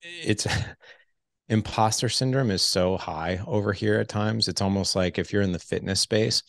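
A man in his forties, a podcast guest telling his story in casual conversation, animated and acting out quoted dialogue. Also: fairly low pitch, moderate pace, vocal fry, no room sound. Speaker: podcast guest, fatherhood coach.

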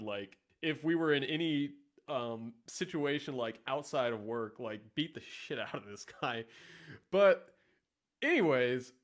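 A man's voice: medium pitch, a bit bright. A man giving sarcastic, profane, rambling casual commentary as the host of a vlog. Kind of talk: casual commentary reading ads.

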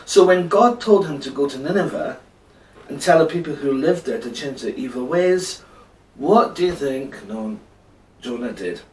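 A man's voice: mid-range voice, animated, normal speed, a little mellow, reverberant, distant mic, poor audio. Chatty man telling a bedtime story. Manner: chatty, playful, talks to listener.

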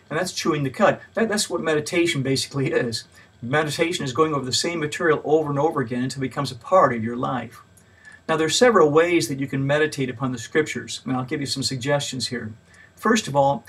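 A man teaches a Bible study method in a patient, step-by-step lecture, leaning on each numbered point and filling pauses with "uh". His voice is mid-pitched and slightly husky. He sits a little back from the microphone, so the sound is somewhat distant. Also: fairly bright tone. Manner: plain, patient teaching with frequent "uh" fillers; stresses key words when listing points. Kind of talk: mini lecture.

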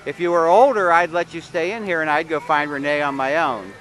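Man behind the camera, home video, bright slightly high voice, teasing, outdoors. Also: fairly quick, slight background noise, poor audio. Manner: playful, teasing. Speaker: parent filming a child. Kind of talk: casual home video narration. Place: outdoor water park. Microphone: handheld camera mic.

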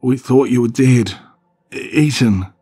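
A man's voice: sits low, little pitch movement, a little slow, slightly rough. A man voicing a middle-aged mother who cries and wails, slipping into madness. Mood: tearful. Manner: crying, wailing, pleading. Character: frantic mother, middle-aged woman, unhinged.

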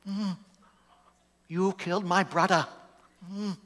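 A clipped, menacing old-movie gangster grunts "mm" between his threats, as a pastor puts him on. The voice sits high and bright. It rings out with a long reverb, as if in a big hall. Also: fairly even intonation, slow pace. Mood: mock-menacing.

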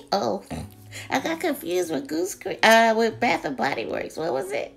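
A woman's voice: sits high, animated, normal speed, creaky, faint music behind. A woman chatting casually through shopping deals, swearing and whispering asides to herself. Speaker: vlogger doing a live deal check-in. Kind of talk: casual chat.

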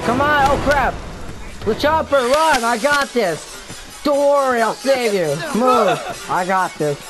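A man yells taunts and trash talk while he plays, his commentary loud and excitable. Game music runs clearly underneath his voice. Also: extremely high pitch, slow. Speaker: gamer. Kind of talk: gameplay commentary.

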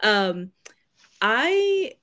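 A woman's voice: a little high, big pitch swings, extremely slow, noisy background. A woman guest in a casual book chat on a video call, talkative and self-deprecating.

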